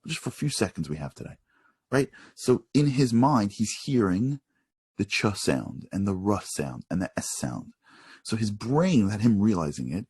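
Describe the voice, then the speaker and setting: Husky-voiced preacher telling stories. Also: male voice, mid-range voice, dry recording. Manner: animated, conversational storytelling. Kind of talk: sermon.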